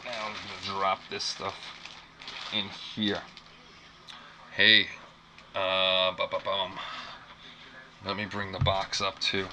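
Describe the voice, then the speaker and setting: A man's voice: deep voice, completely flat delivery, takes it slowly, pauses often, sharp tone, rough recording. A man hosting a casual live unboxing stream from a small apartment, rambling, repeating himself and reacting to chat. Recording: clear background noise.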